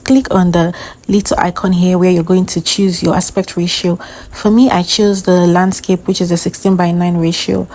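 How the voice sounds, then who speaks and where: A woman's voice: lowish voice, mellow. A woman hosting a tutorial, explaining step by step with occasional fillers. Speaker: host. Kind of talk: tutorial narration.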